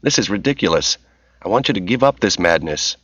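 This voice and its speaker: A man's voice: low voice, animated, a little fast, a bit bright, husky, dry recording, heavily acted. A man voicing an irritable, anxious woman who snaps and scolds over an earpiece link. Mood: anxious scolding. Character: anxious, bossy adult woman on the line. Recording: slightly dull dry recording.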